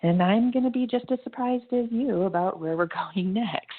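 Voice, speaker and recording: A woman guiding a meditation in a slow, soothing voice that drifts into whispers. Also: fairly high pitch. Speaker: meditation guide. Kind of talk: guided meditation narration. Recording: tinny phone-like line.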